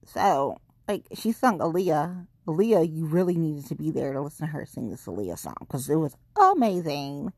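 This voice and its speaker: A woman's voice: big pitch swings, moderate pace, hardly any pauses, darkish tone, breathy edge, no echo. A young adult woman, a podcast host, delivering a blunt, profane ranting monologue. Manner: blunt, swearing, big swoops in pitch.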